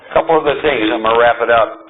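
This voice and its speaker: A man's voice: mid-range voice, very fast, over music. Man, recovery meeting talk, emphatic, conversational, lo-fi phone-like recording. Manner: emphatic, animated, often asks the audience "see?" and "right?". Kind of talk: spoken talk to a recovery group.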